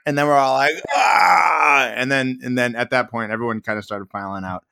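This podcast co-host speaks quickly, his medium-pitched voice clear and resonant. In casual chat he tells animated stories, acting out what everyone said.

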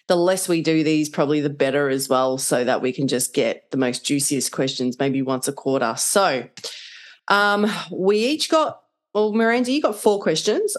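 A woman hosting a relationship podcast, upbeat and lively in casual chat, laughing easily with her guests. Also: low voice. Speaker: podcast host.

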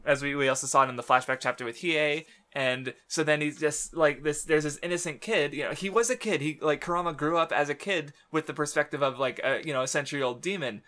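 Bright-voiced man rambling about comics. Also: a little high, fast, few pauses. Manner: rambling, filler-heavy, laughs often, swears. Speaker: podcast co-host. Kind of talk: casual chat about manga.

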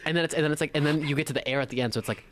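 A man's voice: on the high side, heavy background noise. A young man co-hosting a podcast in casual chat, rambling and giggly, with an ear infection. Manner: giggly, rambling, quick to blurt. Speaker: podcast co-host.

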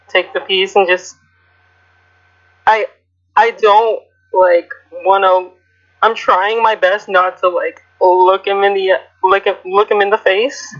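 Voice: mid-range voice, little pitch movement, slow, fairly bright tone. A tabletop player talking in a rambling, hesitant way full of fillers, on a lo-fi recording.

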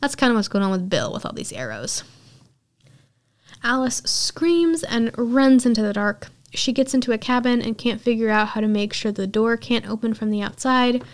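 A woman's voice: a little high, animated, normal speed. A woman podcast host casually retelling a film's plot in chatty storytelling full of filler words.

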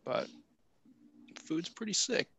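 A man's voice: slow pace, bright, forceful tone. A young man co-hosting a podcast in casual chat, joking wryly and swearing casually. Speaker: podcast co-host.

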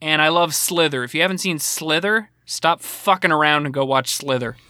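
A man talks in casual podcast chat, excitable and jokey, swearing freely. His voice is very bright and forceful. The recording is dry and close. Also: a little high, moderate pace, no room sound.

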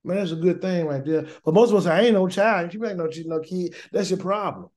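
A man's voice: high voice, quick pace, darkish tone. A man teaching a Torah study in an informal, preachy sermon style, talking in a colloquial way, often repeating words and firing off rhetorical questions. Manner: colloquial Southern-leaning speech with "y'all" and "gonna". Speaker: Bible teacher.

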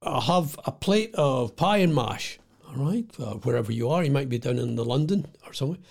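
A man's voice: medium pitch, expressive, fairly quick, gravelly, a little mellow. An older Scottish man chatting at home in a casual, digressive monologue, often losing his thread. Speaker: vlogger.

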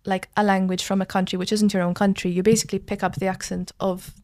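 A woman's voice: medium pitch, level tone, quick pace, a little mellow, dry recording. Young woman, Maltese accent, casual podcast chat, rambling with fillers, dry close sound. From Malta. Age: young adult. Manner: chatty, explains at length with many "like" fillers. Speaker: drama school student guest.

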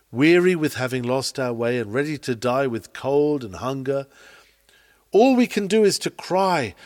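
A man reading aloud a Victorian sermon in an earnest, pleading way, full of archaic thee and thou, swinging between hushed lines and rising emphasis. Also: mid-range voice. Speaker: sermon reader.

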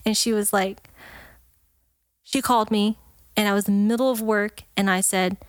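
A woman guest on a podcast, telling a story in lively casual chat, laughing often and acting out the voices of the people in it. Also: medium pitch, moderate pace, no room sound. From Texas, USA. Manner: animated, laughs often, acts out quoted voices.

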